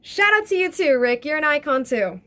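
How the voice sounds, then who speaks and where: Woman, young, high-pitched, casual storytime, chatty, excitable, swears a lot. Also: normal speed. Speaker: vlogger.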